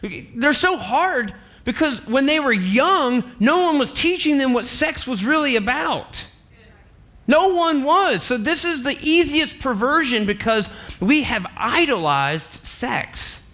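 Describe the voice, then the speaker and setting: A man who is a pastor, preaching a sermon in an animated, playful way and laughing often. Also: extremely high pitch, takes it slowly.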